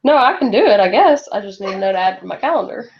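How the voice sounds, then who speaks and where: A woman's voice: mid-range voice, lively intonation, rapid-fire. A woman giving a motivational talk to her sales team, laughing often and acting out the voices she quotes. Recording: dull lo-fi recording.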